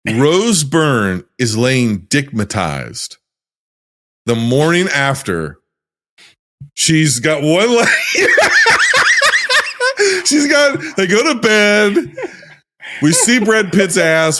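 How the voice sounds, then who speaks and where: A man co-hosting a casual podcast, talking in animated bursts with swearing and loud laughter. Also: on the high side, takes it slowly, long pauses. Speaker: podcast co-host. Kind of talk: casual chat.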